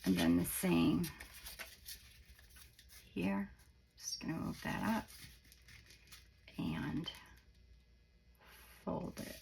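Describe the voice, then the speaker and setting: A woman hosting a casual, chatty craft tutorial with a croaky voice, explaining steps as she goes and correcting herself along the way. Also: fairly low pitch, very animated, drawn-out words, long pauses, a little mellow, slight background noise, low-quality recording. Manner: chatty, meandering, self-correcting. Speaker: craft channel host.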